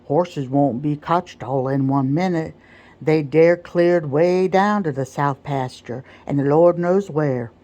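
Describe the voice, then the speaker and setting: A woman's voice: low voice, slow, dark tone, lo-fi sound. A woman voicing a mischievous, cunning male servant with a thick drawling dialect, as whispered role-play in a storybook reading. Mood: wheedling. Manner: dialect-heavy, drawling, teasing.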